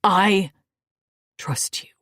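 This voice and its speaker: A woman doing a fierce, gruff alien warrior man. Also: a little slow, dry recording, clean studio sound, exaggerated voice. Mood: soft, reassuring. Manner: low growling voice, gritted teeth. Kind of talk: audiobook character voice.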